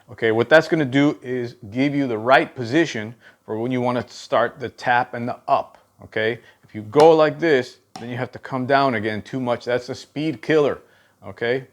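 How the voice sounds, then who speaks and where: A man's voice: mid-range voice, lively intonation, moderate pace, background noise. A man giving a drum lesson, counting beats aloud and often checking in with "okay". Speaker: drum instructor. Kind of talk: teaching drum technique.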